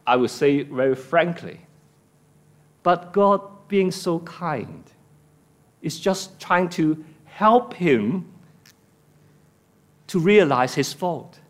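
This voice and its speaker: A man's voice: expressive, slow pace. A man preaching a sermon, acting out biblical dialogue with rising, emotional delivery and slightly non-native English phrasing. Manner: acts out biblical speeches with rising emotional pitch.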